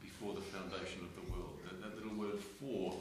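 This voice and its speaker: A man with a lowish voice speaks earnestly in a Bible study, pausing and restarting his sentences. The room is very echoey. A clear hum of background noise runs underneath. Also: steady tone. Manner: earnest, halting, with repeated restarts. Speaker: Bible reading participant. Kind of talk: reflective Bible study discussion.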